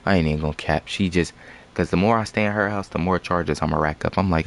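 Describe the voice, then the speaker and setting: Deep-voiced young man telling a story. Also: fast talker. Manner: loose slangy rambling storytelling. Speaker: streamer. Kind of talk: casual storytime. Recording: music playing behind.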